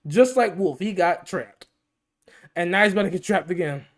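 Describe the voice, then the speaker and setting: A man's voice: high voice, animated, moderate pace. A man hosting a reaction video, laughing and riffing in casual slang to his viewers. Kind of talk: casual commentary.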